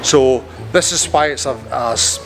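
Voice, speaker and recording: A man's voice: mid-range voice, unhurried, music in the background. A man filming a casual boat-building vlog on board, tripping over his words and scolding himself as he goes. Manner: stumbling, self-mocking, swears at his own slips. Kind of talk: casual to-camera vlog outtakes. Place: aboard a boat under construction, indoors.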